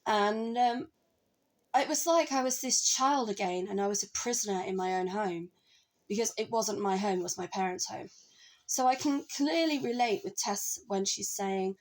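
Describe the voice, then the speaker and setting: A woman's voice: mid-range voice, moderate pace, poor audio. A woman talking casually about a novel she is reading, drifting into stories from her own life. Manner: chatty, wandering into personal stories. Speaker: book vlogger. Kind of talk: casual book review chat.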